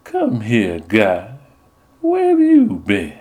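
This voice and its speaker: A man's voice: fairly low pitch, wildly swooping pitch, drawn-out words, a little mellow, exaggerated voice. A man voicing a nun who plays Portia as a flirty southern belle, with a silky, sweet, coy voice.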